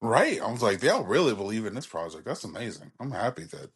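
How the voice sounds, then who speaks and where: A man from the US co-hosting a casual podcast chat, relaxed and laughing along with short agreeing replies. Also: fairly low pitch, fast, slightly rough. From United States.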